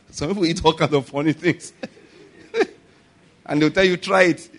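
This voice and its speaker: Animated Nigerian preacher, slightly high voice. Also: male voice, slow pace. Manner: animated, laughs often, rhetorical questions to the congregation. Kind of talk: sermon.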